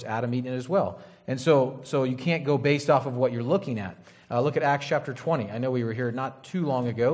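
A man's voice: fairly low pitch, a little mellow. A man preaching a conversational Bible sermon, casual and rambling, often checking in with "right?". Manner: casual, rambling, frequent "right?" and "you know".

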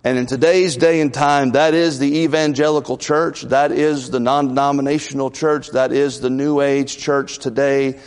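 A man's voice: medium pitch, flat delivery, normal speed, hardly any pauses, clear, resonant tone, in a large hall. A man preaching a sermon as the church's pastor, folksy and storytelling, with asides and chuckles.

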